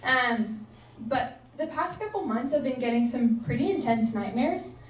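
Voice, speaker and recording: A woman's voice: a little high, expressive, a little slow. A young woman giving a casual, earnest sermon, chatty and full of fillers. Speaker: preacher. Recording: echoey room, voice from far off.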